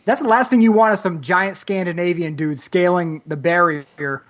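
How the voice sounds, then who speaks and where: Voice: medium pitch, moderate pace. A podcast co-host telling joking stories in casual sports banter. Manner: joking, animated storyteller. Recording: dull lo-fi audio.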